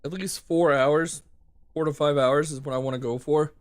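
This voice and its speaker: A man's voice: a little high, steady tone, moderate pace. A man streaming a game, rambling and correcting himself as he comments casually. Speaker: gaming streamer.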